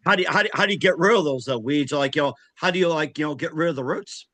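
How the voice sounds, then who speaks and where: A man hosting an interview show who asks halting questions with many fillers and restarts. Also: a little high, a bit bright. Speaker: show host. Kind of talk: casual interview chat.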